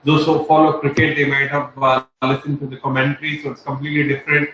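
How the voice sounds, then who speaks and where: A man's voice: mid-range voice, little pitch movement, fast talker, fairly bright tone, highs cut off. A man giving an informal spoken lesson, rambling with many fillers and tag questions. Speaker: teacher. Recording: very echoey room, faint noise.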